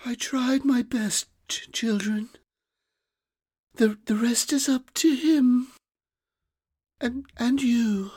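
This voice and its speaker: A man voicing a tired, drained female magical creature who speaks haltingly and stammers. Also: very high-pitched, darkish tone, pitched above the performer's own voice, full character voice. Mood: weary. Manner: faltering, stammering.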